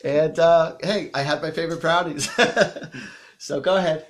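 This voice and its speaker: A man hosting a live psychic show, chatty and animated as he tells stories and acts out quotes, a bit sniffly from allergies. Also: fairly high pitch, moderate pace. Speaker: psychic medium host. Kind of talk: casual live-stream storytelling.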